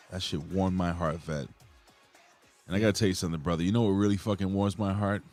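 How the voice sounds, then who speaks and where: A man co-hosting a wrestling podcast in casual chat, loud and jokey, swearing as he reads out viewer comments. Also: deep voice, fairly even intonation, fairly quick, faint music behind. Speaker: podcast co-host reading chat.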